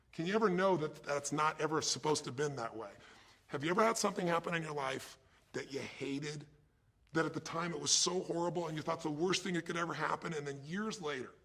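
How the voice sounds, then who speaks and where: A man's voice: a little high, gravelly, fairly bright tone. A middle-aged man giving a motivational talk, emphatic and firing questions at his listeners. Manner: emphatic, poses questions to the audience. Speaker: motivational speaker.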